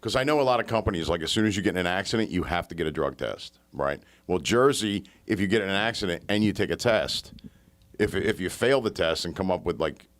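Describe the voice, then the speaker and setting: A man's voice: sits low, lively intonation, fast talker, a bit bright. A man in casual podcast chat, blunt and profane, asking questions.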